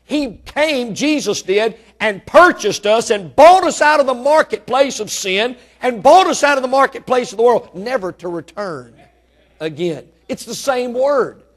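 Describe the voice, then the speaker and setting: A man preaches, his voice sitting high for a man. He stretches out key words slowly and lets his volume swell as he drives a point home in the sermon. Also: expressive.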